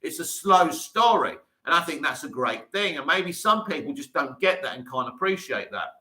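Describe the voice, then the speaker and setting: Casting note: male livestream host, keen and chatty, bright forceful voice, slightly high, roomy echo. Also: very animated, normal speed. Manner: enthusiastic, talks in restarts and asides. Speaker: livestream host reading viewer comments. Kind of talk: casual live chat. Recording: echoey room.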